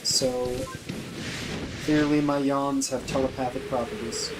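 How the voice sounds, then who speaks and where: A tired streamer rambles through small self-mocking jokes while playing, in casual stream chatter. The voice sits at an ordinary middle pitch. A clear hiss of background noise runs under the home mic. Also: fairly even intonation, a little slow. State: sleepy.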